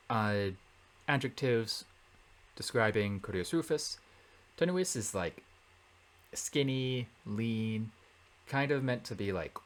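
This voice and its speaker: A man working through a Latin translation in a relaxed lesson, thinking aloud with many fillers and self-corrections. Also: lowish voice. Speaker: Latin tutor. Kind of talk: casual translation walkthrough.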